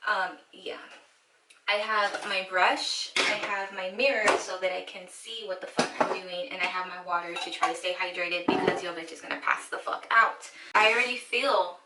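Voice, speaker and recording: A woman's voice: lowish voice, fairly even intonation, normal speed, recorded from a distance, very noisy. A young woman filming herself as she cuts her own hair, nervous and emotional, swearing freely and sometimes dropping to a whisper. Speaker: beauty vlogger and hairstylist. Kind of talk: casual vlog, talking to camera while cutting her hair. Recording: echoey room, slightly off-mic.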